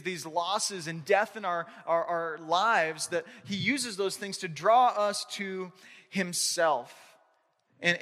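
A man preaching a sermon as pastor, talking in an animated, conversational way with frequent restarts. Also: high voice, long reverb tail.

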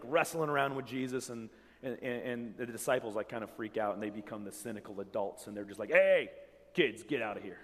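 A man delivers a sermon in a conversational, animated way, slipping into acted-out quotes. His voice sits at an ordinary middle pitch. Long reverb from the church hall trails behind him. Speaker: pastor.

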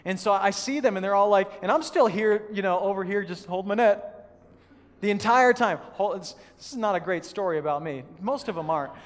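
A man preaching a sermon as pastor, telling a story in a casual, animated, self-deprecating way. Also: sits high, quick pace, few pauses, big-room sound. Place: church hall.

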